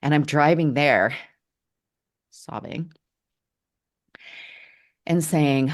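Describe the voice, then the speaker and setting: A woman telling a personal story in an earnest, halting way, restarting her sentences as she reflects. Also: a bass voice. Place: Portland area, Oregon.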